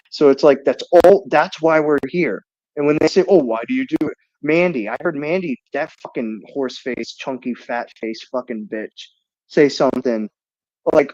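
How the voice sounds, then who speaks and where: A man hosts a call-in stream and rants in a heated, foul-mouthed way. His voice sits at a middling pitch. The sound is dry and slightly dull, like lo-fi stream audio. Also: animated, a little fast, darkish tone, no echo. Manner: profane, heated ranting. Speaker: livestream host. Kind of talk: casual call-in chat.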